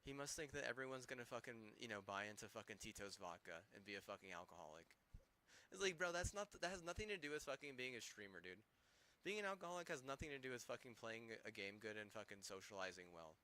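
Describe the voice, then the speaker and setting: A man's voice: mid-range voice, animated, fast talker, pushed and bright. A young man streaming a game, ranting heatedly with constant swearing and rambling restarts. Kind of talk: ranting live-stream commentary.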